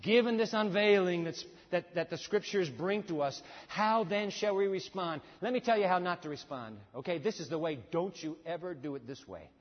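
A male pastor preaching a sermon. His delivery swings dramatically between booming and hushed, and he asks the congregation rhetorical questions. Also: normal speed, few pauses. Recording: long hall reverb, dull sound.

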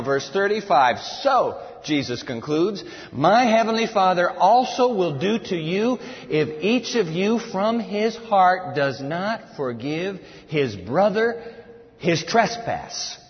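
A man preaching a sermon from scripture, emphatic and animated, telling his listeners to write things down. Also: sits high. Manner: animated and emphatic, tells listeners to take notes. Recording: reverberant hall, dull lo-fi sound.

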